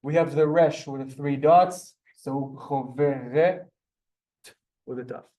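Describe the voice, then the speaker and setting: A man teaching a class in a classroom, with a raised, mellow voice. He explains patiently and step by step and keeps checking that his students are following. His delivery is unhurried and methodical. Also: on the high side, fairly even intonation. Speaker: Hebrew teacher. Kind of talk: classroom lesson.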